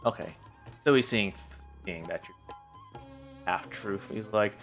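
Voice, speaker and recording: A very deep-voiced man runs a tabletop game, narrating scenes and calling for dice checks. Faint music plays under his talk. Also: measured pace, creaky, pauses often. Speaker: game master.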